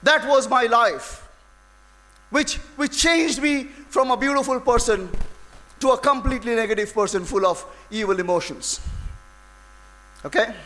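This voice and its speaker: A man giving a dramatic, emotional inspirational speech to an audience, full of long pauses. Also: very high-pitched, pushed and bright, low-quality recording. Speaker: public speaker.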